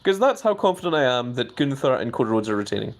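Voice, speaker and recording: On a live stream, a male host chats casually at a quick pace, padding his speech with hedges and fillers. He's very animated, and his pitch leaps upward each time he reads a viewer comment aloud.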